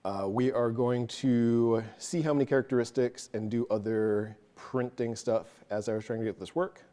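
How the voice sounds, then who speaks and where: Mellow-voiced man walking through code. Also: medium pitch, fairly even intonation, normal speed. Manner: casual, self-deprecating, explains step by step. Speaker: meetup presenter. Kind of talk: live technical walkthrough of code.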